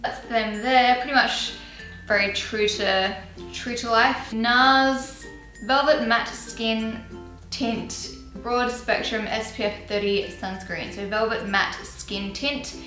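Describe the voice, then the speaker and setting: Young woman, beauty vlogger, bubbly and giggly, bright tone, slightly higher pitch, echoey room with soft music. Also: fairly even intonation, takes it slowly. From Australia. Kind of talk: casual chat.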